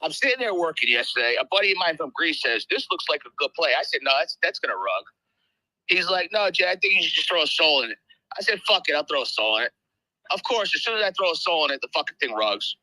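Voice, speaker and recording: A man's voice: fairly high pitch, sing-song, fast talker, bright, forceful tone, dry recording, rough recording. A tired, half-asleep man who swears constantly and brashly hypes his crypto coin in a live audio chat. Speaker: crypto project promoter. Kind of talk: loud profane hype on a live audio room.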